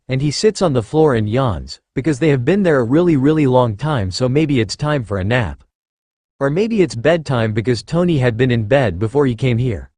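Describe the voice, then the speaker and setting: A man's voice: medium pitch, a little mellow, dry recording, studio quality. Man reading a childlike story aloud. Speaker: narrator. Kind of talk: reading fan fiction aloud.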